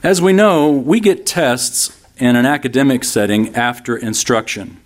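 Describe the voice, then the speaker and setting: A man in his fifties preaching a sermon in a relaxed, conversational way, mixing humorous stories with scripture. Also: mid-range voice, measured pace. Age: 50s. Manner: conversational, humorous storytelling with laughs from the congregation. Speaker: pastor.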